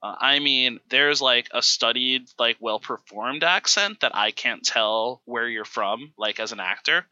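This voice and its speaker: Bright-voiced man chatting on a podcast. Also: mid-range voice, measured pace, few pauses, clean tone, no room sound, lo-fi sound. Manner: chatty, animated, with frequent fillers and restarts. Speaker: podcast co-host. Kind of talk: casual podcast chat.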